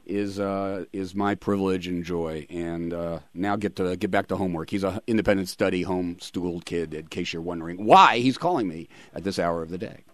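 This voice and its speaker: A man's voice: low voice, fairly quick, hardly any pauses, no room sound. A middle-aged man hosting a radio talk show, chatting in a rambling way with many fillers.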